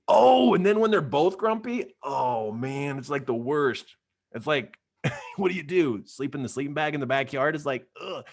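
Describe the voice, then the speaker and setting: Brief: middle-aged male youth trainer, lively and playful, slightly high, big pitch swings. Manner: animated, playful, talks straight to young viewers. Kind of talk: live online training for kids.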